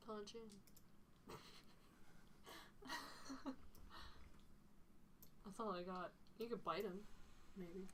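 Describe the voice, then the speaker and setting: Woman, tabletop player, animated up-and-down voice, audible hiss behind. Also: medium pitch, very slow, pauses often. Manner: short playful interjections and cheers. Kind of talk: casual chat at a game table.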